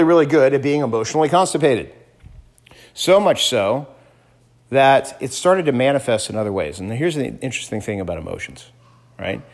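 A man in his thirties, a father telling a story in a casual, conversational way, with frequent restarts. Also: medium pitch. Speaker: father talking to camera. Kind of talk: casual vlog monologue.

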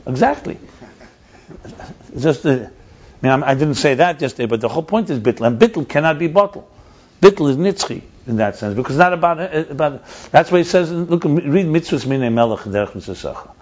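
A man's voice: fairly high pitch, expressive, a little fast, a little mellow. A man explaining ideas in a conversational teaching style, emphatic and repeating his key points. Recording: dull lo-fi recording.

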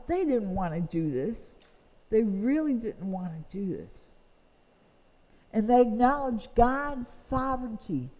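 Reading scripture aloud before earnestly explaining it, this Bible teacher speaks in a sing-song voice on the high side, at a measured pace. Her tone is a little mellow, and the rough recording has a long reverb tail.

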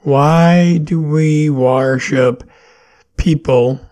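A man's voice: a little high, steady tone, drawn-out words, a little mellow. A man hosting a solo podcast, talking through his opinions in a questioning, rambling way with plenty of fillers. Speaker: podcast host.

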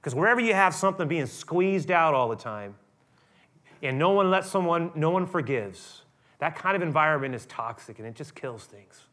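Bright-voiced male pastor preaching. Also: fairly high pitch, lively intonation, moderate pace. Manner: conversational preaching, restarts, rises to emphatic peaks. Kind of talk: sermon.

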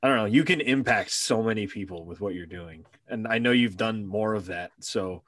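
A man's voice: lowish voice, moderate pace, fairly bright tone. A man hosting a podcast in casual chat, easygoing and fond of "dude" and "bro". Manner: laid-back, says "dude" and "bro" a lot. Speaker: podcast host.

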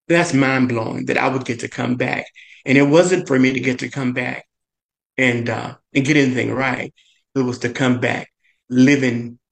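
A man telling a personal story in earnest, his voice carrying a gravelly edge. He pauses often on "and, uh" as he goes. His pitch leaps up when he quotes other people. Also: poor audio. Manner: halting, many "and, uh" fillers. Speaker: guest chef.

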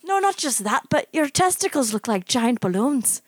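A brash, foul-mouthed Irish wife as a woman puts her on swears and bickers her way through crude jokes. Her put-on brogue sits rather high, with a lively, swinging pitch, and it sounds close and dry. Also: moderate pace, slightly rough, dry recording, exaggerated voice. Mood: brash bickering. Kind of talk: improv comedy role-play.

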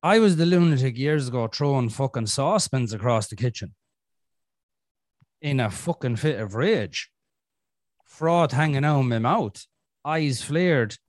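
A man's voice: on the high side, a little mellow, no echo, studio quality. An Irish man hosting a podcast, talking bluntly with lots of swearing and jokes, and acting out his own inner voice. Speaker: podcast host. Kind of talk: casual podcast chat.

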